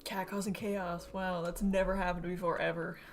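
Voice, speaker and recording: A woman's voice: lowish voice, little pitch movement, moderate pace, faint music behind. A young woman chatting casually and joking while she builds model kits on a stream. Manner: chatty, joking, laughs often.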